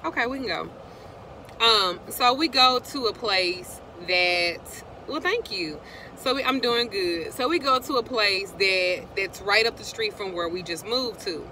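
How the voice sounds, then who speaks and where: Chatty middle-aged woman with a bright voice. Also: mid-range voice, animated, measured pace, slight background noise. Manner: chatty, rambling, greets live viewers mid-story. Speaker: vlogger. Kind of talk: casual storytelling to viewers.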